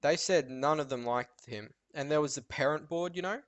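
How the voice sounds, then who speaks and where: A teenage boy vlogging an animated rant about school, telling stories with lots of fillers and restarts. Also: on the high side, moderate pace, no room sound, dull audio. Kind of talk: ranting monologue vlog.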